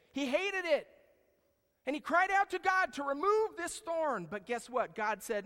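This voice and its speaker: A male pastor preaching a sermon, animated, swinging between loud outbursts and hushed, intense passages. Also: very high-pitched, measured pace. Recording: long reverb in a large hall.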